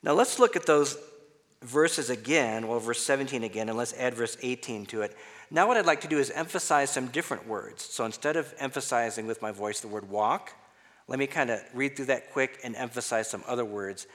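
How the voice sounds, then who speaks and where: Brisk and medium-pitched with a fairly bright tone, a man preaches as a pastor in a church sanctuary. He reads scripture aloud and then explains its words in a conversational way, with long hall reverb on the recording.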